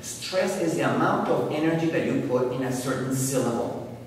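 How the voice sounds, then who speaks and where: A man's voice: medium pitch, expressive, moderate pace, slight background noise. A man giving a university lecture, explaining points emphatically with examples. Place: large lecture hall. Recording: echoey hall recorded from far off.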